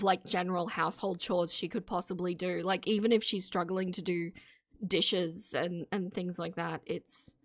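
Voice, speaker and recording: A woman's voice: fairly low pitch, no echo. Dry-sounding woman streamer, opinionated. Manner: opinionated, laughs often, talks to chat. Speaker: streamer reacting to videos. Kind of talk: casual live-stream commentary.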